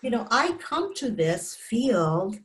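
A woman's voice: fairly high pitch, big pitch swings, takes it slowly. A woman in her sixties, a psychotherapist, telling a personal story as an interview guest in an earnest, emphatic way, often restarting and dropping her voice at grim moments.

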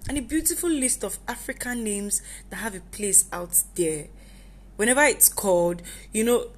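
A woman from Nigeria, hosting a casual personal podcast monologue in a goofy, rambling way that keeps correcting itself. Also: lowish voice. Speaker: podcast host.

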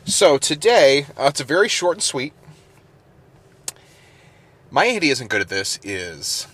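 A man's voice: a little high, very animated, a little slow, fairly bright tone, slightly rough. Rambling man on a casual podcast. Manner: rambling, laughing, lots of fillers. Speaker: podcast co-host. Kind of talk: casual chat.

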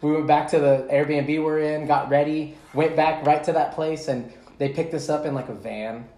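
A man's voice: a little high, steady tone, moderate pace, dark tone. An American man telling a travel story in casual chat, rambling with frequent restarts. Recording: roomy echo, faint ambience.

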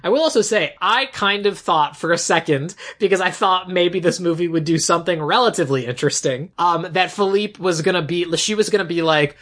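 A man co-hosting a casual movie recap, telling the plot in a quick, sarcastic way. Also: high voice, a bit bright. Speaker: podcast co-host.

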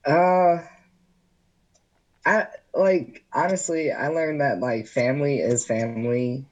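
A man's voice: mid-range voice, fairly even intonation, slow pace, a little mellow, muffled recording. A man guesting on a podcast, telling a personal story candidly in casual interview chat, with lots of "like" fillers. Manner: candid storytelling, heavy use of "like".

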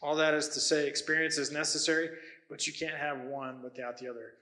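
Pastor, male, preaching. Bright, forward tone; conversational, stops and restarts mid-sentence. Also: a little high, steady tone, a little fast, rough recording. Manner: conversational storytelling with self-corrections. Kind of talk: sermon.

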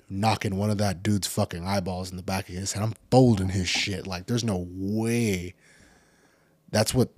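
A man with a very low, husky voice rants, swearing constantly and climbing into loud, heated bursts. The sound is dry and close, with no room around it. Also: no room sound. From California. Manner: profane, heated, builds to shouting. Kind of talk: angry unscripted rant.

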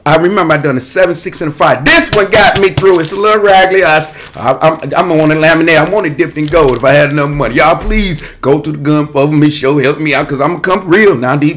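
A man hosts his own show, talking to camera in a voice that sits on the high side and sounds a bit bright. His monologue is digressive and restless, jumping between topics, with streetwise, casual phrasing and cursing.

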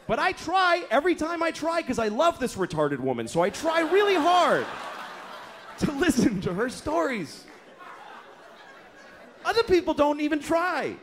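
A man's voice: very high-pitched, sing-song, measured pace, long pauses, noisy background. A man doing a stand-up comedy set, telling profane, exasperated stories and acting out other people in mock voices. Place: comedy club stage before a laughing audience. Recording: live club recording with crowd laughter.

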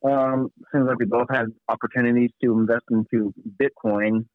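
A man's voice: medium pitch, steady tone, normal speed, no room sound. A man calling into a podcast as a guest, laid-back and casually swearing, heard over a phone line. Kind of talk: casual chat. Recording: tinny phone-line call.

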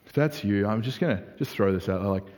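A young adult man preaching a sermon in a casual, animated way, full of "like" fillers. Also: lowish voice, fast talker. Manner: conversational, animated, frequent "like" fillers. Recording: reverberant hall.

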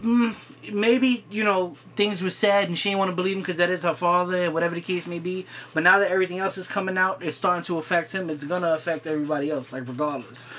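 A man's voice: high-pitched, fairly even intonation, fast talker, few pauses, a bit bright, slight background noise. A man co-hosting a podcast in laid-back, casual chat, chiming in with short comments. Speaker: podcast co-host.

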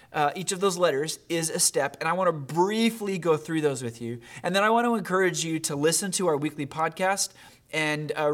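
A man preaching a sermon as a pastor, reading a story aloud in an earnest way, with many fillers and restarts. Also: a little high.

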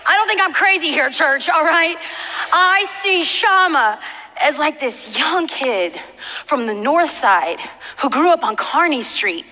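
A woman preaches with passion, her voice very high and bright. She drops to a near hush, then rises to shouted declarations. The sound carries the long reverb of a large church hall over faint background noise. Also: lively intonation, unhurried. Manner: passionate, swings from hushed to shouting. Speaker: guest preacher. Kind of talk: sermon.

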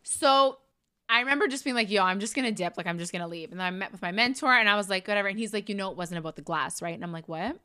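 A woman's voice: medium pitch, animated, rapid-fire, pushed and bright, smooth. A young woman co-hosting a casual chat, telling stories with animation and swearing freely. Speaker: podcast co-host.

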